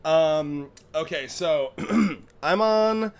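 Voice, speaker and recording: A man's voice: a little high, expressive, extremely slow, clean tone. A young man co-hosting a casual stream chat, rambling with lots of fillers and restarts. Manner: rambling, many fillers and restarts, laughs easily. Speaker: co-host.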